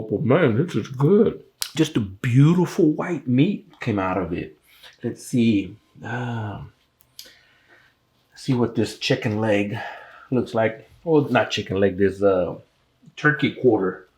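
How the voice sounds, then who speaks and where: An easygoing man talks slowly and warmly to his viewers as he carves and tastes food at an outdoor grill. His voice sits at an ordinary middle pitch, and he lingers over words with relaxed enthusiasm. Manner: slow, relaxed and enthusiastic, addressing viewers as guys. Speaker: barbecue channel host. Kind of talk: casual cooking video talk to camera.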